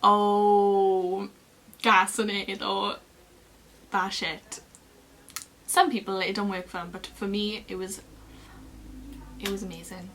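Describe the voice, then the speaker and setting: A woman's voice: mid-range voice, measured pace, long pauses, a little hiss or hum. Chatty young woman telling a story. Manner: chatty and expressive, acting out other people's lines. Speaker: beauty vlogger. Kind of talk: casual storytelling to camera.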